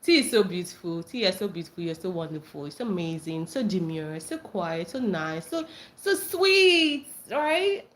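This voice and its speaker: A woman's voice: fairly low pitch, expressive, brisk, few pauses. A woman hosting a casual livestream, reading viewer comments aloud and reacting with frequent laughter and squealed greetings. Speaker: livestream host.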